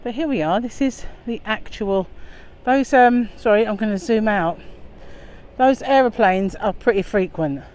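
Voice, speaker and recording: Walking over a blustery river bridge, a woman from England films a casual vlog on her phone, slightly winded. She speaks unhurriedly in a medium, somewhat mellow voice, rambling with many fillers as wind and planes overhead fill the background.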